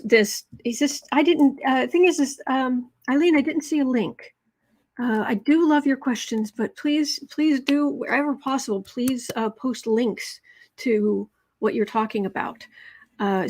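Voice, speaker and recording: A woman with a somewhat high voice runs a live political tarot reading and talks casually with her viewers. She reads their comments aloud, fills gaps with ums and restarts, and hammers points home by saying the same word again and again. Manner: emphatic repetition. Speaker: tarot livestream host.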